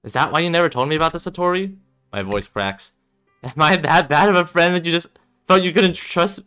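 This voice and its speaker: A man's voice: on the high side, sing-song, fast talker, bright, forceful tone, smooth, faint music behind, voice pushed up. A man reading aloud as an emotional young woman who is a devoted best friend, pleading with a voice that rises when she is upset.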